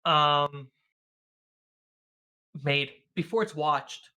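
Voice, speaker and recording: A man speaks as a guest over a video call, in a bright voice that sits a bit high for a man. He tells stories with animation, acting out the lines he quotes and laughing often along the way. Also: fairly even intonation, extremely slow. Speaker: guest, filmmaker and game master. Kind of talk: casual conversational interview.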